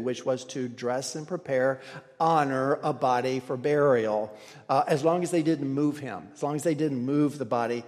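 A man's voice: medium pitch, a little mellow. A man preaching a sermon, explaining a passage with frequent restarts and stumbles. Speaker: pastor. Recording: long hall reverb.

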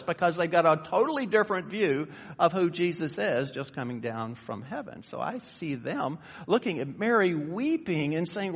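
High-voiced man preaching in a reverberant hall. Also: lively intonation, moderate pace, few pauses, husky. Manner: builds to fervent raised passages, then drops low and quiet. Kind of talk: sermon.

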